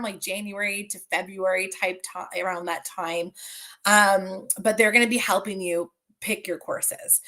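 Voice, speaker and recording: A Canadian woman leads a virtual information session over a video call. She speaks in a friendly, chatty way, full of fillers and restarts, at a middle pitch. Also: fairly bright tone. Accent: Canadian English. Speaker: school board student success facilitator.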